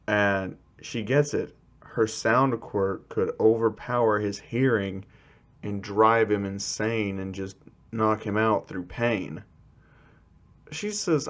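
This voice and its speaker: Slow, low-voiced man telling a story. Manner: rambling, many fillers, little change of voice for characters. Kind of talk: casual fan-fiction storytelling.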